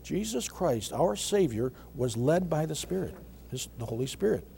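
A man preaching a sermon in an earnest way, repeating key words and often clearing his throat. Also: on the high side, sing-song, normal speed, warm tone, a little hiss or hum.

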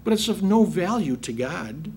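A male preacher with a somewhat high voice that rises and falls a great deal as he works through scripture. He reads a verse, then recasts it in casual speech for his congregation, over a faint hiss of background noise. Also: sing-song, normal speed, darkish tone. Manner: reads verses then paraphrases in plain talk, addresses congregation as brethren. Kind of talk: sermon, Bible exposition.

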